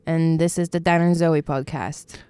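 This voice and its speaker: A young woman co-hosting a casual podcast chat, talking in a calm, soft, low-key way. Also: normal speed, clear, resonant tone, no room sound. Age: young adult. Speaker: podcast co-host.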